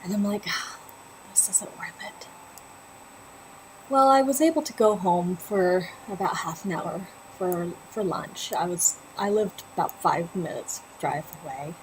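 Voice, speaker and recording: A woman's voice: on the low side, normal speed, a little hiss or hum, low-quality recording. A woman hosting a knitting livestream, chatting and laughing as she tells a personal story. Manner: chatty and animated, laughing often. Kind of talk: casual storytelling while knitting.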